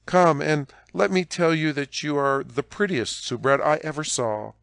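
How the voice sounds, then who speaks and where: A man's voice: a little high, a little slow, creaky, fairly bright tone, no echo, clean studio sound, pitched above the performer's own voice. A man doing a charming scheming young soldier. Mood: coaxing.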